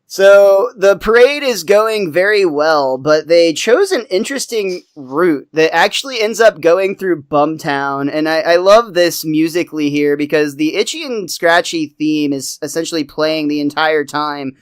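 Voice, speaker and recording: A man's voice: fairly high pitch, a little slow, hardly any pauses, clear, resonant tone. A man co-hosting a podcast, casually recapping a cartoon episode and laughing often. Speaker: podcast co-host.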